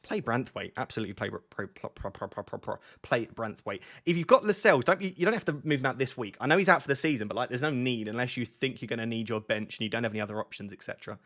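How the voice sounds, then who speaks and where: A man's voice: mid-range voice, animated, fairly bright tone. A young man hosting a casual live stream, chatting and reading out viewers' questions. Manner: chatty, reads viewer questions aloud, quick asides. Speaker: fantasy football streamer.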